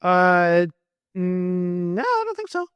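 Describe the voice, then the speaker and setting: A man as an interview guest, ranting heatedly with lots of swearing and fast bursts. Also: high voice, huge pitch swings, a bit bright, clear, resonant tone, no room sound. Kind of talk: casual interview talk.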